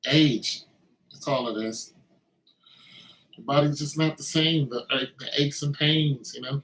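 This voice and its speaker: A man in his fifties, a singer-songwriter chatting casually between takes in a relaxed, musing way with easy fillers. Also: fairly high pitch, measured pace, a little hiss or hum. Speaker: singer-songwriter making beats. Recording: echoey room with faint music.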